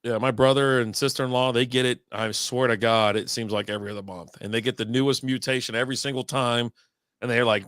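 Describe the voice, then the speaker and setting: Guy rambling on a beer stream, bright voice, swears a lot, dry close sound. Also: medium pitch, fast, dry recording. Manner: rambling storyteller, swears freely, laughs at his own stories. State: recovering from illness. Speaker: co-host of a beer and sports stream. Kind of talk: casual chat.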